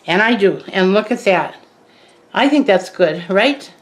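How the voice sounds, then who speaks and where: An older woman, a plant vlogger, chats casually to the camera in an animated, unhurried mid-range voice. She rambles with plenty of asides and self-corrections, and the recording quality is low.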